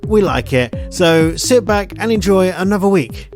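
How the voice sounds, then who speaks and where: A man's voice: high-pitched, animated, moderate pace, music in the background. A man introducing his podcast as its producer and host in a chatty, upbeat way.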